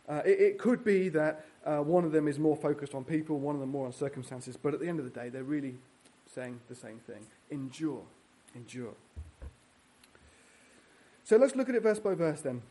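A man's voice: on the high side, a little mellow. A man preaching a sermon in a church, earnest and teaching verse by verse with fillers and restarts.

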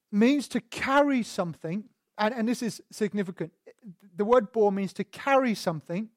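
A man's voice: sits high, dry recording, studio quality. A man preaching a sermon and explaining words one by one, asking rhetorical questions and stressing single words. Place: church sanctuary.

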